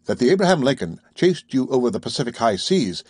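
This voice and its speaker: A courteous, earnest scientist explains himself with care, as a male audiobook reader voices him. The tone is slightly husky at a middle pitch. The recording is dry, with no room around it. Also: big pitch swings, fast, darkish tone, no echo. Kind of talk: audiobook reading.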